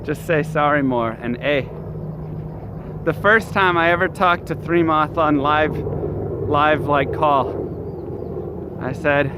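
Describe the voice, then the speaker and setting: A man talks loosely and chattily to his live stream, reading out messages from chat and answering them. His voice sits a little high. He is outdoors on a city street, with steady traffic noise behind him. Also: takes it slowly, long pauses.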